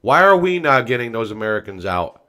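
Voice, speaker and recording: A man hosting a political commentary podcast, swearing freely and ranting with loud outbursts, in a casual, folksy way of talking straight to his viewers. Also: medium pitch, sing-song, fairly quick. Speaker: podcast host.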